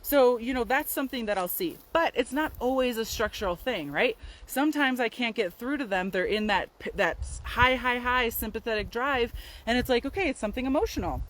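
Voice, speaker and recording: A woman's voice: fairly high pitch, moderate pace, a bit bright, rough recording. A woman, a naturopathic doctor, chatting casually to a handheld phone camera outdoors on a windy day, full of fillers and "right?" tags. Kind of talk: casual health talk to camera.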